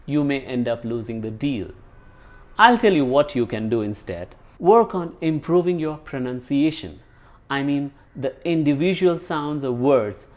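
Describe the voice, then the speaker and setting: A man with an Indian English accent teaching a pronunciation lesson, explaining points and demonstrating sounds slowly. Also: mid-range voice, lively intonation, darkish tone. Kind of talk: scripted lesson narration.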